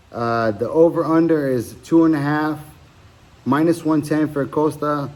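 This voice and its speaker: A man's voice: on the high side, mellow. A man hosting a podcast, casually talking through fight betting picks, rambling with frequent ums and self-corrections. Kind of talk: casual solo betting breakdown.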